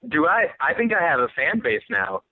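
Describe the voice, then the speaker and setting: A man's voice: fairly high pitch, very animated, moderate pace, no echo. A young man, a guest musician, telling a story in a laid-back, amused way with some swearing. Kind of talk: casual storytelling. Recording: tinny phone line.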